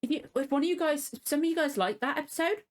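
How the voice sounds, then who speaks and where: A woman's voice: sits high, fast. Exasperated woman ranting. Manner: exasperated ranting, swearing, apologetic. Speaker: reaction video host. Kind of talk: casual spoken review.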